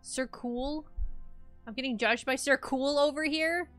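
A woman's voice: high voice, fairly even intonation, unhurried, fairly bright tone, faint music behind. A woman streamer chatting casually on a collab stream, playful and mock-offended, swearing freely.

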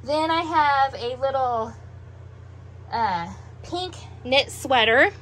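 A middle-aged woman with heavy breathing after a meal, chatting in an unhurried, musing way as she shows off a clothing haul at home. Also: high-pitched, expressive, fairly bright tone, slight background noise. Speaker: doll collector showing a clothing haul. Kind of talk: casual show-and-tell vlog.

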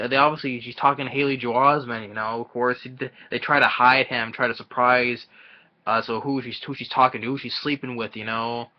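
A man giving a casual, rambling film review, halting often and restarting his sentences. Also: mid-range voice. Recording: dull lo-fi audio.

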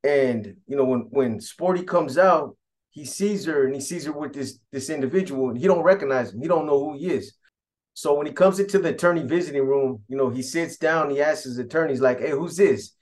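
A man telling a story in a loose, rambling street-talk way, padding his sentences and circling back to repeat himself. His voice sits a touch higher than most men's. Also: a little fast, a little mellow. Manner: loose and repetitive, street slang, frequent "you know". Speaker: storyteller recounting prison events. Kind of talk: casual spoken storytelling.

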